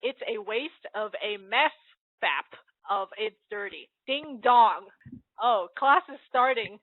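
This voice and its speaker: A woman's voice: fairly high pitch, no echo. Giggly woman reading comics aloud. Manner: giggly, stumbling and restarting while reading out lines. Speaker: host. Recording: tinny phone-like dry audio.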